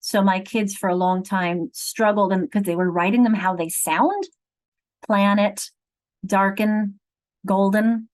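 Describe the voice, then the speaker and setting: A woman training teachers online over a video call, explaining patiently and slowly sounding out syllables and letters. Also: mid-range voice, a little mellow. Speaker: literacy trainer.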